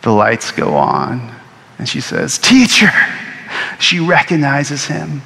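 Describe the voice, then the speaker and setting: A male pastor preaching a sermon, telling the story with acted-out quotes and sudden hushed passages. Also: mid-range voice, big pitch swings, takes it slowly, gravelly. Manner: storytelling, acts out quoted lines, drops to hushed tones. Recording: long hall reverb.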